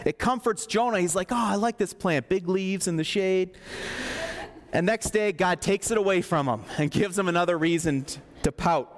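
A male pastor preaching a sermon in a relaxed, conversational way, mixing jokes into the reading, in a church hall. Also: sits high. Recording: long hall reverb.

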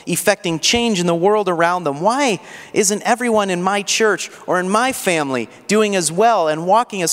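A man preaching in an earnest, fervent tone, his voice sitting a little high. A long reverb trails each phrase, as if he stands in a large church hall. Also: fairly bright tone. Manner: earnest, rising to fervent rhetorical questions. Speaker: pastor. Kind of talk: sermon.

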